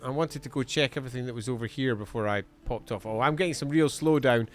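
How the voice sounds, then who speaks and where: A man casually commentating as he plays a video game, chatty and amused and thinking out loud. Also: mid-range voice, fast talker, soft background music. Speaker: game streamer. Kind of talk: casual let's-play commentary.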